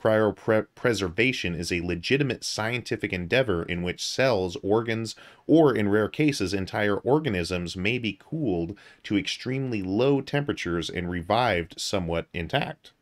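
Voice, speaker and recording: Low-voiced man reading with jokey asides. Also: animated, normal speed. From United States. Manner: reads aloud with joking asides and filler words. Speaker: podcast host. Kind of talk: casual podcast chat, reading an article aloud.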